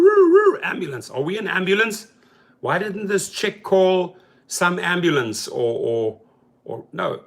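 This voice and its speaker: A man hosting a rideshare channel, talking casually and animatedly about a news story and acting out the people in it. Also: fairly high pitch. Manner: animated, talks to viewers as "bro", acts out quotes.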